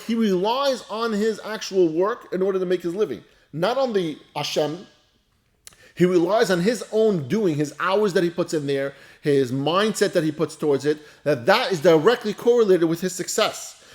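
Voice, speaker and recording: Man teaching a Torah class, fairly high voice, reads Hebrew lines then explains them casually. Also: a little mellow. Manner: conversational and repetitive, speaks straight to listeners.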